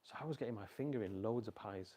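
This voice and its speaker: Talking fast in a lowish register, a middle-aged man delivers a casual faith-based talk about parenting before a live crowd. He acts out voices in his stories and has the audience repeat answers back to him.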